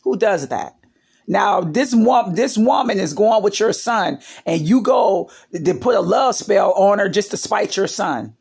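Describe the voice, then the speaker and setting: A woman's voice: mid-range voice, lively intonation, measured pace, creaky, darkish tone, slightly rough. A woman vlogger telling family stories in a rambling, casual way, with many fillers and side remarks. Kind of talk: casual storytelling vlog.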